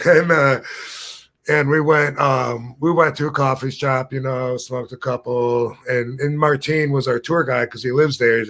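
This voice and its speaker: Unhurried and mid-range, this man's voice carries long, wandering stories as he hosts a podcast. He's in his fifties, chatting casually and livening his anecdotes with put-on voices.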